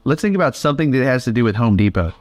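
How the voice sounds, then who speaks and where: A man speaking softly and patiently to calm a scared shelter dog, his voice run through a noise filter that makes it sound artificial. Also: mid-range voice, very fast. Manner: soft, reassuring, patient. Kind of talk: gentle talk to a frightened dog, vlog.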